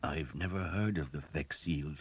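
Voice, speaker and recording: A man doing a weak, croaking wounded youth. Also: a bass voice, no echo, heavily acted. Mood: wary. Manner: faint, halting replies, half whispered.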